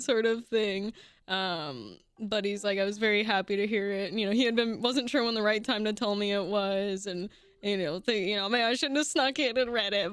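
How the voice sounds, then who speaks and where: A young woman telling a personal story in a casual, animated way, swearing freely, laughing often and restarting her sentences. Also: medium pitch, clear, resonant tone.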